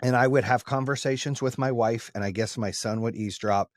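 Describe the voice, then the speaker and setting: Male podcast host, mid pitch, blunt casual storyteller with salty language, dry booth sound. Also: steady tone, a little fast, no echo. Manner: blunt, swears freely, retells arguments in dialogue.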